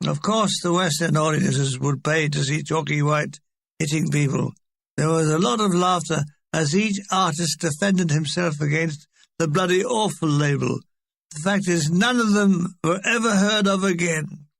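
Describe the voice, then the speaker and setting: A man's voice: a little high, fairly even intonation, measured pace, vocal fry, a bit bright, no room sound. A man reading a comic memoir aloud with a wry, dry delivery. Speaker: audiobook reader.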